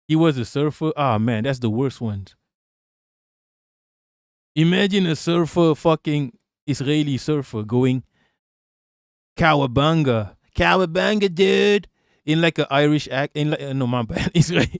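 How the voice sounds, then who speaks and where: A man's voice: fairly high pitch, moderate pace, dry recording, clean studio sound. A man streaming live, joking crudely and rambling as he reacts to clips. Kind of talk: casual live-stream commentary.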